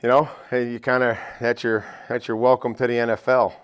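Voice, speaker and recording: A man's voice: mid-range voice, flat delivery, fairly quick, clean tone. A middle-aged man, a football coach being interviewed, telling rambling anecdotes full of "you know" fillers. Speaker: football head coach, guest. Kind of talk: casual interview storytelling.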